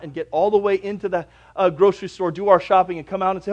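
High-voiced preacher swinging loud and soft. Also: male voice. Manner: preacherly, swings between loud emphatic lines and low quiet drops; stretches out scripture quotes slowly. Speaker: pastor. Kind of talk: sermon.

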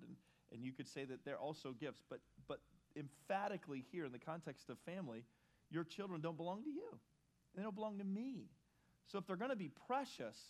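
A middle-aged man preaching a sermon as pastor, talking casually about his family and then building to emphatic points while leading the congregation in reading scripture aloud. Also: mid-range voice. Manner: conversational preaching, rising to emphatic stress, leads congregation in reading.

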